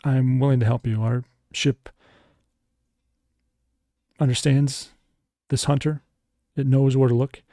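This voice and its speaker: A man voicing a smug, scheming male alien doctor who speaks calmly and measuredly. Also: medium pitch, slow pace, long pauses, no echo, clean studio sound.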